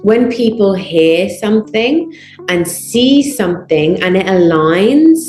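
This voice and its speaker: A woman's voice: mid-range voice, expressive, slow, darkish tone, soft background music. A woman coaching public speaking in an online lesson, emphatic and building up lists of short punchy phrases. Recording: roomy echo.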